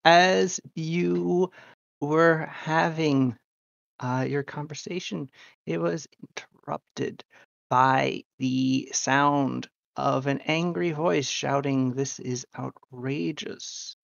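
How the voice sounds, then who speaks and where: A man narrating as game master, halting with many ums, his allergies acting up. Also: a little high, fairly even intonation, gravelly, no room sound. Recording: dull, dry lo-fi mic.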